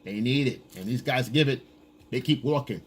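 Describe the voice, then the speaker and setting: A man's voice: medium pitch, moderate pace, husky. A man giving blunt, profane, lecturing dating advice in a casual coaching monologue.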